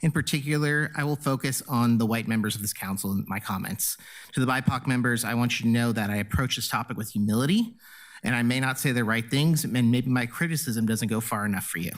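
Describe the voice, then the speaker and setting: A man's voice: mid-range voice, brisk. A man giving earnest, formal prepared testimony as a public commenter at a city council meeting. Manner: earnest, formal, reads from notes.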